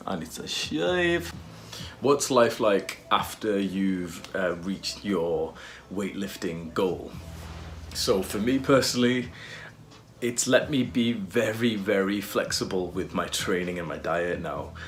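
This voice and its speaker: Deep-voiced casual young man vlogging. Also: takes it slowly, a little hiss or hum. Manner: casual, loose and profane, with fillers. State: out of breath after push-ups. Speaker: fitness vlogger. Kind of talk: casual vlog talk.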